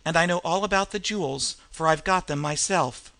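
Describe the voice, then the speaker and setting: A man's voice: a little high, moderate pace, sharp tone. A man reading the part of a resolute young woman who speaks hurriedly and breathlessly, giving tense orders. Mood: steady.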